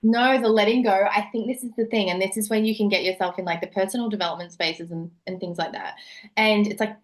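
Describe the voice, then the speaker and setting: A woman's voice: medium pitch, steady tone, normal speed. A woman neuropsychologist and coach, a podcast guest, speaking earnestly and repeating phrases for emphasis. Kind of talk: podcast conversation.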